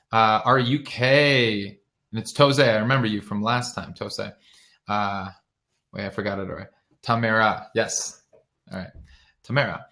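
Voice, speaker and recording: A man's voice: mid-range voice, a bit bright. A young man chatting casually on a live stream, greeting viewers by name and reading out their comments. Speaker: author and musician hosting a live stream. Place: home, near his bookshelf.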